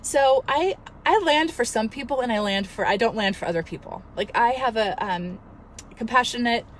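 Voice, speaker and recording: A woman in her thirties, a fitness coach, telling a story in an earnest, emotional, animated way and giving motivational advice. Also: a little high, normal speed, slight background noise. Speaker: fitness coach and studio owner. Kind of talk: casual motivational vlog.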